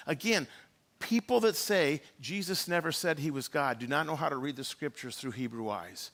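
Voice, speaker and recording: A man's voice: a little high, a bit bright. A man preaching a sermon in a church, telling the story and acting out the quoted lines. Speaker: pastor.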